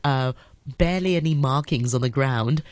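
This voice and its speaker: A woman's voice: very deep voice, moderate pace, darkish tone, dry recording. A woman co-hosting a casual chat, explaining phrases and laughing often. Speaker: co-host. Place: home.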